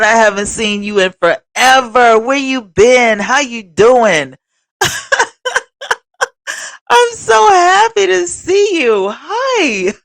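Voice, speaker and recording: On her casual livestream, a woman responds to comments as she reads them, addressing viewers expressively. Her voice is on the high side and a bit bright, without room sound.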